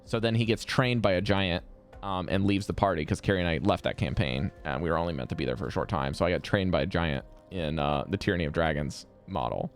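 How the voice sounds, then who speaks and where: A man who runs the tabletop game, chatting casually about characters and telling animated, profane stories. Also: low voice, fast talker, soft background music. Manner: animated, swearing, laughing storyteller. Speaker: game master. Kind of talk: casual chat between game sessions.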